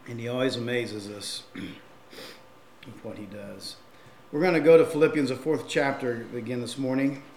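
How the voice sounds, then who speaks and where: A man's voice: mid-range voice, unhurried, a little mellow, echoey room, slight background noise. A man preaching a sermon and reading scripture aloud, in a conversational manner with frequent fillers and restarts.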